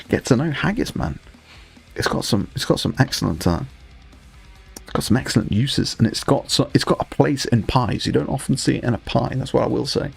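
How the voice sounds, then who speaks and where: A man's voice: medium pitch, fairly quick, gravelly, darkish tone, slightly rough. A young man with a Northumbrian accent, hosting a casual live stream while painting miniatures, rambling with frequent restarts and crude banter. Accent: Northumbrian English. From Northumberland, England. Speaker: livestream host.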